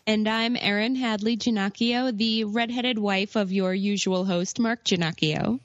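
A woman co-hosting a casual podcast chat, unhurried and dryly teasing. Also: medium pitch, steady tone, no room sound. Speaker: guest co-host. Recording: dry, slightly muffled audio.

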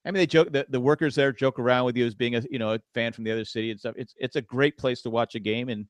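A man's voice: medium pitch, fairly even intonation, fast talker, no room sound. A man co-hosting a casual podcast, joking and rambling with lots of restarts about sports. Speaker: podcast co-host.

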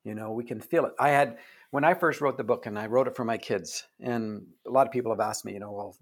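An older man speaking as an author in an interview, telling stories earnestly and haltingly, often dropping his voice low and soft. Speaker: author guest. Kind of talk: reflective interview talk.

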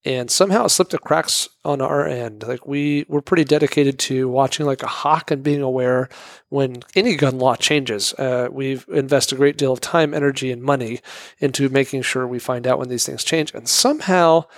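A man's voice: mid-range voice, moderate pace, no echo. A man co-hosting a podcast, rambling casually and joking at his own expense. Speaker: podcast co-host. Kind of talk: casual news chat.

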